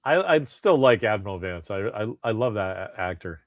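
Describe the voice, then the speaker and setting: A man co-hosting a podcast in casual chat, chatty and animated. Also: fairly low pitch, moderate pace, no echo, clean studio sound. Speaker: podcast co-host.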